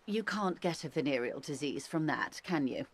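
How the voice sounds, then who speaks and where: A woman voicing a worldly, wry older woman in a video game, arch and measured, explaining things with dry irony. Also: low voice, expressive, slight background noise. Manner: arch, measured, dryly ironic.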